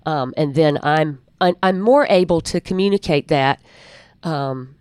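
A woman guest giving advice in an interview, thoughtful and unhurried, with many pauses and fillers. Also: deep voice, a little mellow, clean tone, no echo, studio quality. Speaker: guest counselor. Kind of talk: reflective advice in a podcast interview.

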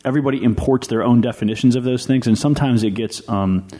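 A man's voice: medium pitch, fast, mellow. A man who is a pastor and podcast co-host, explaining ideas earnestly in a casual discussion and thinking aloud with frequent restarts.

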